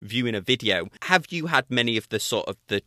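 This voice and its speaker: A man's voice: mid-range voice, lively intonation, brisk, pushed and bright, no room sound, studio quality. A man with a British accent hosting a casual podcast conversation, talking in an earnest, thoughtful way with small restarts. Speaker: podcast host, watch reviewer.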